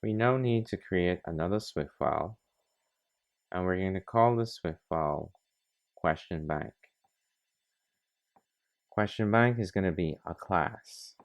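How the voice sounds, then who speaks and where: A man's voice: low-pitched, unhurried, pauses often. A man narrating a coding tutorial, talking methodically through each step. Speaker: programming tutor. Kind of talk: screen-recorded coding tutorial.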